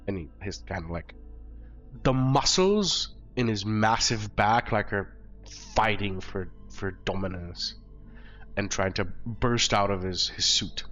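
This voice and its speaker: A hoarse man narrating a tabletop game as game master, loose and full of fillers. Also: on the low side, measured pace, fairly bright tone. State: hoarse from flu. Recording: dull lo-fi recording, faint music.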